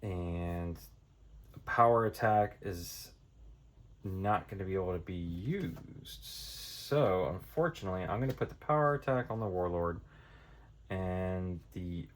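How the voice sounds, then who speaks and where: A board game reviewer with a low voice and lively intonation plays through a tabletop card game without hurrying. In this casual tutorial he thinks aloud and counts cards as he goes.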